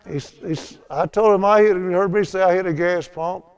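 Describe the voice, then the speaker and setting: A man's voice: high voice, moderate pace, smooth, muffled recording. An older man teaching a Bible lesson in a chatty storytelling way, laughing at his own tales.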